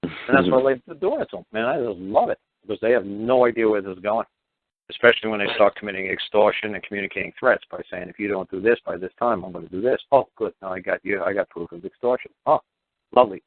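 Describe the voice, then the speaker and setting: A man's voice: on the low side, fast talker, dry recording. A man talking as a guest on call-in radio, rambling and profane, who keeps acting out the people in his stories. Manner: profane, rambling, acts out quoted dialogue. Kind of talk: call-in talk radio monologue. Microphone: telephone. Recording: tinny dry phone line.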